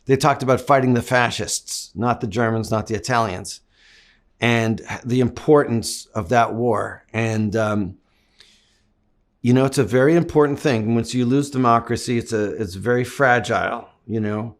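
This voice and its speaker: A man's voice: mid-range voice, normal speed. A middle-aged man from Canada, an actor giving long, reflective interview answers. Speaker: actor guest.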